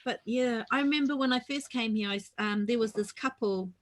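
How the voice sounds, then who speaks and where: A woman from New Zealand with a New Zealand accent, chatting in a relaxed way during a painting workshop, telling stories with lively quoted asides and frequent laughter. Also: fairly high pitch, a little fast. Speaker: workshop participant. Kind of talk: casual chat while painting.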